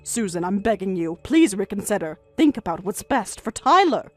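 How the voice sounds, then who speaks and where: Over faint music, a woman plays a calm, firm older grandmother in a narrated tale, her delivery measured and steady. She speaks at medium pitch, and the recording is dry.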